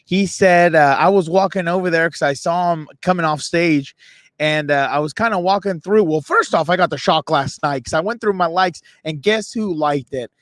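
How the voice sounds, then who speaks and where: Excitable high-voiced man telling a story. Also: moderate pace, dry recording, studio quality. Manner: animated, self-mocking, voices others in quotes. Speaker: podcast co-host. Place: radio row event booth.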